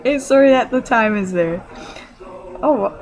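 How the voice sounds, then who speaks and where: A woman from Canada telling a story to her camera in an excited, rambling way, full of fillers and restarts. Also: a little high, measured pace, low-quality recording. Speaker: vlogger.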